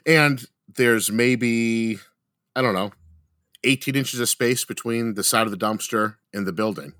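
A young man tells a story in loose, casual talk, dropping swear words constantly and putting on the voices of the people in it. His voice is bright and forceful, sitting at an ordinary pitch for a man. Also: a little slow. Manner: animated, heavy swearing, acts out quotes. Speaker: podcast co-host telling a story.

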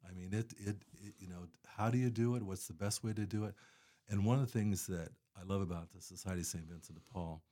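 A man's voice: low voice, steady tone, fast, hardly any pauses, warm tone. A man talking casually as a guest about charity work, rambling with many fillers and restarts. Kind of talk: casual conversation.

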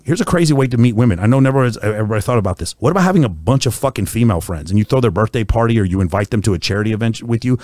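A man in casual podcast chat, blunt and profane, telling stories in a rapid rush. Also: fairly low pitch, darkish tone, no room sound.

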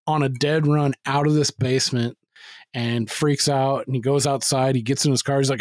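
A man's voice: mid-range voice, fairly even intonation, normal speed, darkish tone, no room sound. A man co-hosting a casual movie-review podcast, recapping a plot in a rambling, profane way and acting out quotes. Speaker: podcast co-host.

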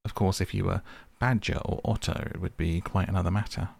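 A man's voice: deep voice, fairly even intonation, brisk, creaky, a little mellow, breathy edge, no echo, exaggerated voice. A man voicing a brave, good-natured water rat who speaks in a reassuring, hearty way.

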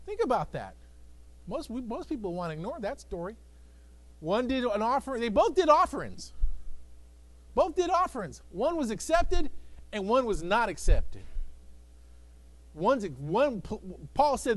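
A man's voice: very high voice, very animated, normal speed. A male pastor preaching an emphatic sermon to a congregation that answers back. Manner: emphatic preaching with call-and-response, acting out voices. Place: church sanctuary with congregation.

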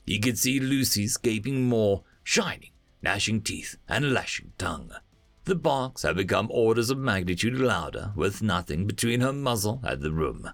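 A man narrating a story aloud in a lively, expressive reading. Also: on the low side, gravelly, dry recording. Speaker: audiobook narrator.

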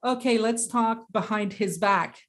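A woman telling a personal story in conversation, earnest and reflective, pausing and restarting as she speaks. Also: a little high, fairly bright tone.

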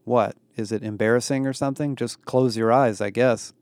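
Matter-of-fact alien guide, male, read by a man, calm, explanatory, mellow tone. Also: mid-range voice, normal speed, dry recording, close to an everyday voice.

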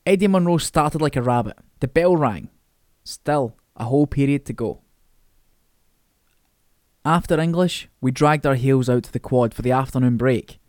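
A man narrating a novel in a steady, wry manner. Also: medium pitch, moderate pace, no echo, studio quality. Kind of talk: reading a novel aloud.

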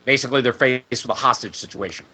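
A man's voice: medium pitch, quick pace, sharp tone, breathy edge, rough recording. A man reading out his adventure draft, then patiently explaining background details in casual chat. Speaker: player presenting an adventure draft. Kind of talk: casual chat and story read-aloud.

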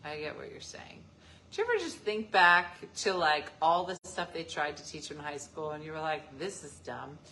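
A woman's voice: deep voice, expressive, moderate pace, sharp tone, a little hiss or hum. A woman hosting a casual live stream, joking and teasing as she answers viewer comments. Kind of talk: casual chat.

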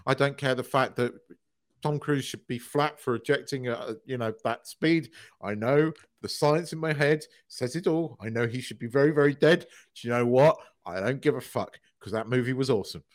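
A man co-hosting a podcast in casual chat, animated, swearing freely and restarting his sentences often. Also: medium pitch, moderate pace, dry recording, studio quality. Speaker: podcast co-host.

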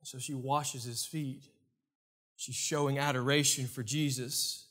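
A young adult man preaching a sermon as pastor, emphatic and repetitive, swinging between loud and hushed passages. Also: medium pitch, fairly even intonation, a little slow.

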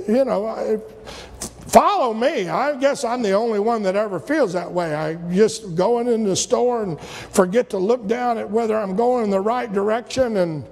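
High-voiced preacher in an echoing hall. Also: male voice, vocal fry. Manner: storytelling, acting out scripture voices, rising to shouts. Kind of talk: sermon. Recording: long hall reverb.

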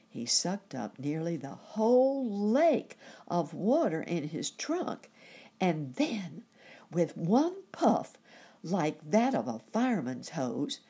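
A woman storyteller reading a children's story aloud in a gentle, expressive way. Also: fairly low pitch, husky.

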